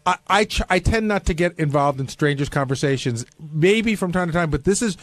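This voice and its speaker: A man's voice: on the high side, lively intonation, fairly quick, no echo. A man hosting radio studio banter, probing and questioning as he tells a story. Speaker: radio show host.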